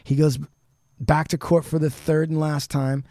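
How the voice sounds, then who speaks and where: A man hosting a podcast, casually retelling a life story and reading book passages aloud, dropping low and quiet for the dramatic parts. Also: flat delivery, a little slow, no echo, clean studio sound. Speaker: podcast host.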